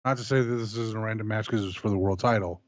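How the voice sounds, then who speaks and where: A man's voice: on the low side, fairly even intonation, fast talker, no room sound, dull audio. A man co-hosting a casual online show, talking frankly, swearing and repeating himself for emphasis. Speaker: co-host of a wrestling review show. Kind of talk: casual chat.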